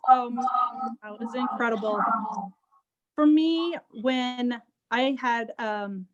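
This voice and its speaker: Woman, interview guest, lively storyteller, bright higher voice. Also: dull audio. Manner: animated, acts out others' speech. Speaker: interview guest, social worker. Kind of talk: conversational storytelling.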